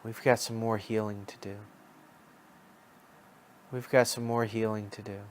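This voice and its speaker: Gentle motherly earth goddess, voiced by a man, calling softly and tenderly, even in pitch. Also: unhurried, slight background noise, lightly acted. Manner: soft, tender, beckoning.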